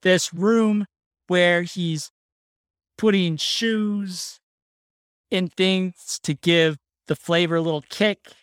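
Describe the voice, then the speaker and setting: A woman co-hosting a casual podcast chat, excitable, laughing often and saying "like" a lot. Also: lowish voice, slow pace, clean tone, no room sound, studio quality. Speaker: podcast co-host. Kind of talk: casual chat about a film.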